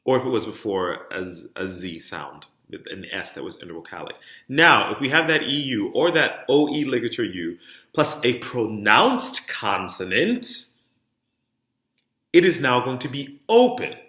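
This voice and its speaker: A middle-aged man teaching French pronunciation. He calls out each drill word with strong emphasis and then explains the rules in a quieter voice. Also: medium pitch, sing-song, a little slow. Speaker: diction teacher. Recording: roomy echo.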